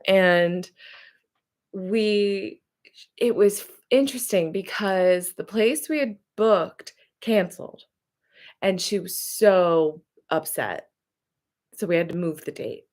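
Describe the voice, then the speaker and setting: A woman's voice: medium pitch, takes it slowly, darkish tone. A woman therapist telling a personal story in a casual, chatty way, rambling and correcting herself as she goes. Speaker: therapist and hypnotherapist.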